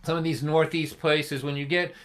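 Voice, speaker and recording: A man's voice: on the high side, normal speed. A middle-aged man from Boston with a Boston accent, telling a comic family story on a live stream, acting out his father's lines. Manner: animated, acts out his father's lines with rising intensity. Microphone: live stream mic.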